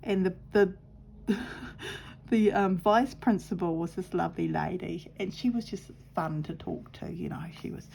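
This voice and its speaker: Gravelly-voiced New woman telling stories. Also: on the low side, normal speed, slight background noise. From New Zealand. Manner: rambling, chatty, with frequent fillers and soft asides. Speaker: craft vlogger. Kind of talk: casual storytelling while sewing.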